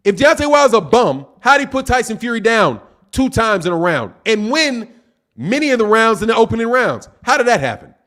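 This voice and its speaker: A brisk, high, lively male voice belongs to the host of a boxing live stream. He calls out viewer comments and fires back in a teasing, combative style, capping his lines with "man" and "dog."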